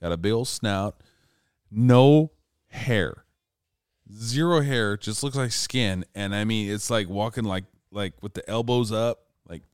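A man's voice: on the low side, a little slow, a little mellow, clean tone, dry recording, studio quality. A man casually telling an urban legend story, rambling and swearing often, with laughs between lines.

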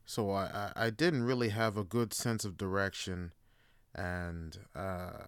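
A man hosting a show, telling stories in a relaxed, profane way with lots of fillers. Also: sits low, a little slow, clean tone, no echo. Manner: laid-back, profane, full of fillers like "like". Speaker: podcast host. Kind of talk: casual storytelling monologue.

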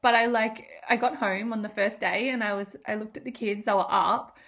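A woman's voice: medium pitch, fairly even intonation, normal speed, gravelly, a bit bright. A woman, hosting a solo podcast in a rambling, emotional way and swearing freely. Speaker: podcast host. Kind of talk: casual solo podcast talk.

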